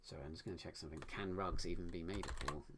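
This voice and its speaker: An author writing a book live, a man with a low voice, talks very fast as he thinks aloud while drafting, muttering and correcting himself as he reads his sentences out. Loud keyboard typing and clicks run throughout, making for heavy background noise.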